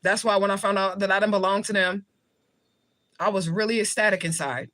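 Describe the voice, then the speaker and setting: A woman talks straight to her viewers on a casual livestream, swearing freely and laughing often. Her voice sits at a middling pitch, and her delivery stays blunt and jokey as she responds to the chat. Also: fairly even intonation, fairly quick, fairly bright tone. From United States. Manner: blunt, heavily profane, jokey with frequent laughter. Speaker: livestream host, spiritual reader.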